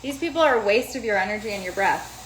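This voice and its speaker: A woman's voice: medium pitch, lively intonation, quick pace. A woman in her forties giving casual self-help advice, emphatic, repeating key phrases and checking for agreement. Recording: roomy sound with faint noise.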